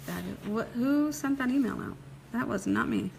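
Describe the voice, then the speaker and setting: A woman's voice: on the high side, expressive, moderate pace, vocal fry, slight background noise, rough recording. Chatty woman teaching a nail demo. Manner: chatty, laughs easily, reads viewer comments aloud; folksy, checks in with "okay?". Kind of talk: casual live tutorial.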